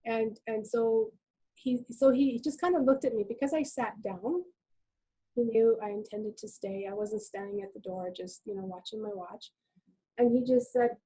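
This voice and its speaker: A middle-aged woman nurse speaking as a webinar guest, calm and reflective, telling stories from her work. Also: on the high side, normal speed, husky, rough recording. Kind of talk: conversational webinar talk.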